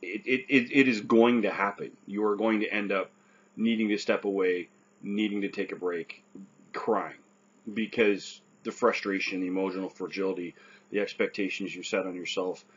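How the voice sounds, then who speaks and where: A man's voice: sits low, steady tone, moderate pace, slightly rough, highs cut off. A man who survived a stroke gives earnest, casual advice, often checking in with "right?".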